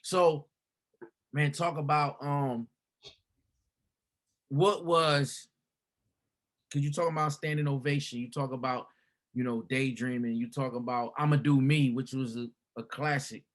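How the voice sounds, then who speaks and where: A man's voice: mid-range voice, steady tone, a little slow, pauses often. A man hosting a casual interview, affirming often with short interjections and asking rambling, repeated questions. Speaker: interview host.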